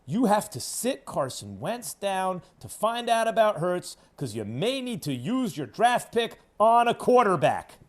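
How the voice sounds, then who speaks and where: A man hosting a sports radio show, delivering an opinionated monologue in an emphatic, hectoring way that swings between loud declarations and low asides. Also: very animated, unhurried, hardly any pauses. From New York.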